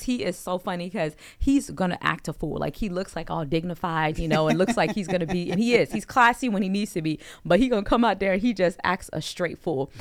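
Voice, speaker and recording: Chatty woman podcast host, slightly low voice. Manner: chatty, enthusiastic storytelling. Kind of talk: casual chat.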